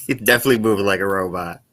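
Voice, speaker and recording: Low, bright-toned man rambling on a call. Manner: rambling, restarts a lot. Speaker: podcast co-host. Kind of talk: casual chat.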